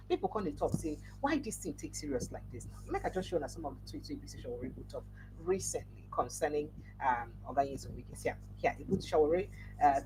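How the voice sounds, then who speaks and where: Nigerian woman, news livestream host, chatty commentary, lively pitch, noisy audio. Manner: chatty, animated, reads headlines then comments. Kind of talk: news roundup commentary in Pidgin-mixed English.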